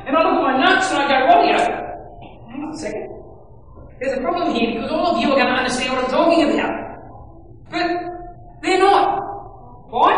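A man's voice: very high-pitched, a bit bright. A man preaching a conversational, storytelling sermon in church. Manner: storytelling, conversational, builds in energy. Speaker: worship leader and preacher. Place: church hall. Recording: echoey hall, from far off.

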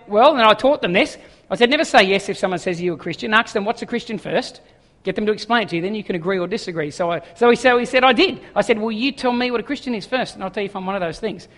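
Fast-talking preacher in an echoing hall. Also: male voice, high voice. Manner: animated storytelling, acting out quoted voices. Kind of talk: sermon. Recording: long echoing hall reverb.

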